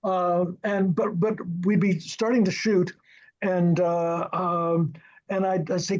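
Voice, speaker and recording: An older man, a film director, telling anecdotes in an interview, lively and chuckling as he acts out what others said. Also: high voice, moderate pace, dull audio. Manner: lively, acts out quoted dialogue, chuckles often.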